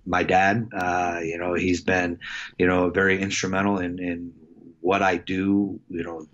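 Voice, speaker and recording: Middle-aged coach, very low voice, reflective and halting; slightly dull lo-fi audio. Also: male voice, flat delivery, a bit bright. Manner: reflective, halting with many fillers and restarts. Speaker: wrestling head coach, podcast guest. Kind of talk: casual storytelling interview.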